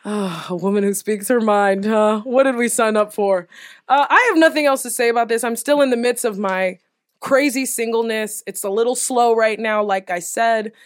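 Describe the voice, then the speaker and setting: A woman's voice: on the high side, moderate pace, no echo, studio quality. A woman co-hosting a casual chat, brash and profane, laughing often. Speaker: podcast co-host.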